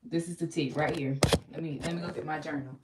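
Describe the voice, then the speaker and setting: A woman's voice: low-pitched, fairly even intonation, quick pace, recorded from a distance, noisy background. A young woman preaches a pep talk to her live viewers, emphatic and repetitive. She keeps asking them to say lines back to her. Her voice bounces around an echoey room and sits well back from the mic. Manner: emphatic, repetitive, call-and-response. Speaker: motivational live-streamer.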